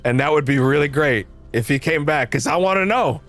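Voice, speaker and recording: A man's voice: fairly quick, soft background music. A man livestreaming a game, ranting animatedly and swearing freely at his chat. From Canada. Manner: animated, profane ranting with shifting pitch.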